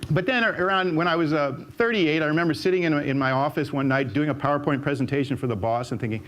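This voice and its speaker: An older man speaks into a stage mic with a voice that sits somewhat high for a man. He meanders through personal stories, stumbling over and repeating words as he goes. When he voices other people, his pitch jumps up sharply. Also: fast talker, fairly bright tone, slight background noise. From United States. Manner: chatty storyteller with frequent restarts and repeated words. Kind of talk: storytelling talk on stage. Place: auditorium stage.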